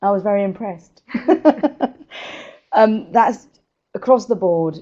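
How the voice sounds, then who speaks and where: Energetic woman speaker, dull call audio. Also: medium pitch, slow pace. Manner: energetic, laughing often. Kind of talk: live webinar talk.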